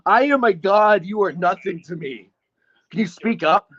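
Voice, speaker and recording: A man's voice: sits high, moderate pace, a bit bright. A man in his twenties taunting and mocking others in a heated online voice chat, grandiose and insulting. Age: 20s. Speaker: voice chat participant. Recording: muffled lo-fi voice chat audio.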